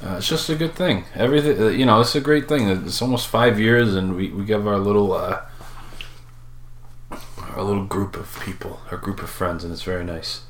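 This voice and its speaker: A man's voice: fairly low pitch, normal speed, slight background noise. A middle-aged man from Minnesota co-hosting a casual live-stream chat, joking and laughing often. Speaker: podcast co-host. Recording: echoey room.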